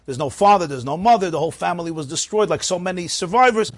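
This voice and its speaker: A man telling an animated religious story, acting out the people in it. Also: sits high, fast, no room sound. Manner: animated, acts out the characters.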